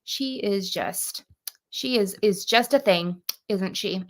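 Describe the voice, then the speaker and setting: A woman's voice: medium pitch, takes it slowly. A woman in her thirties hosting a book club livestream, bubbly and chatty, greeting viewers by name. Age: 30s. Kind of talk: casual livestream chat.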